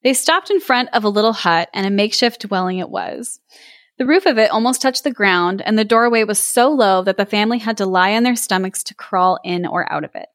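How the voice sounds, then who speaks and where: A woman podcast host reading a fairy tale aloud, playful and animated with voices and laughs, breaking off to chat with her co-host. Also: mid-range voice, no echo, studio quality. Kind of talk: storybook read-aloud with chat.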